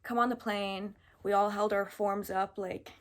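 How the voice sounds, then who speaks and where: Young woman from the US, twenties, casual vlog storytelling, chatty, animated, lots of fillers. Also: mid-range voice, unhurried. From United States. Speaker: vlogger.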